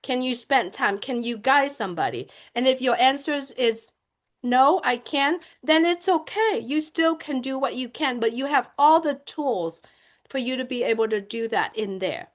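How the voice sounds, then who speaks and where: A woman speaking on a live online group call, slow and emphatic, repeating key words for her listeners. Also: high voice, animated.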